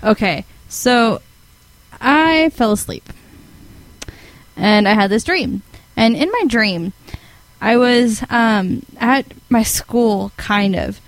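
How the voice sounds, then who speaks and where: A teenage girl casually telling a long dream story, giggling and rambling, with high, lively quoted voices. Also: slow, no room sound, low-quality recording.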